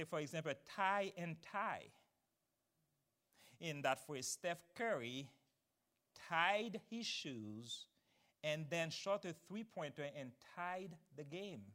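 A man preaching a sermon, swinging from loud, emphatic declarations to quiet, explanatory teaching. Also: a little high.

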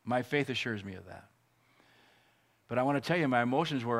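Male pastor, earnest sermon testimony, emotional with deliberate pauses. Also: medium pitch, creaky, a bit bright.

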